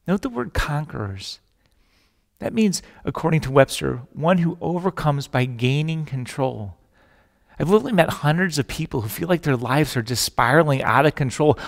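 A man's voice: a little high, gravelly, in a large hall. A man preaching a sermon as a pastor, telling stories with jokes and acting out the voices in them. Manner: storytelling with jokes, acts out voices in quotes.

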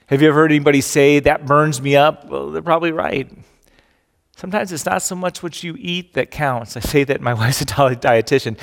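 A middle-aged man preaching a sermon, animated and emphatic, acting out the quotes he tells. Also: on the high side, vocal fry, in a large hall. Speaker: pastor.

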